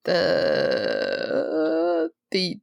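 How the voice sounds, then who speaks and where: A woman co-hosting a casual podcast, chatty and quick to laugh. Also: a bass voice, wildly swooping pitch, vocal fry, muffled recording. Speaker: podcast co-host.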